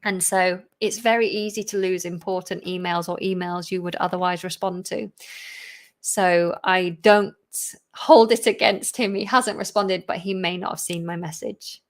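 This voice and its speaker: A woman's voice: fairly low pitch, steady tone, normal speed. Woman, live Q&A host, chatty, laughs often, a bit tired. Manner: chatty, laughs often, reads viewer questions aloud. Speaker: English teacher and channel host.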